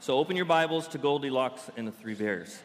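A man preaching a sermon to a congregation in a playful, animated storytelling way. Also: mid-range voice, a little fast, big-room sound. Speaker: pastor. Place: church sanctuary.

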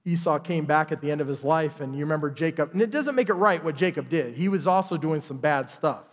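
A man preaching a sermon in a church, his slightly high voice carrying a long reverb through the hall. He tells the story with animated energy and quick acted-out voices for the characters. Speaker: pastor. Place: church sanctuary.

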